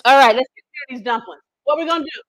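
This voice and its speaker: A woman's voice: sits high, fast talker, fairly bright tone, dry recording, poor audio. A woman hosting a live cooking stream, chatty and folksy, talking straight to her viewers with teasing asides. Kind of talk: casual live cooking demonstration.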